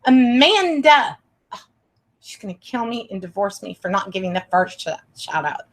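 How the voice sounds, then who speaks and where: A woman's voice: medium pitch, animated, moderate pace. A woman hosting a paranormal livestream from her home setup, chatty and easily sidetracked as she reads names from the chat.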